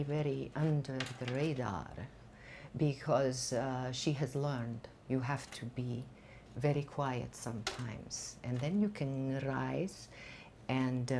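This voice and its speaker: An older woman with a Swedish accent and a notably low voice speaks as a guest in a candid studio interview. Her English is reflective and unhurried, with frequent pauses and fillers. A faint hiss sits under her voice. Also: mellow. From Sweden. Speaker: actress guest.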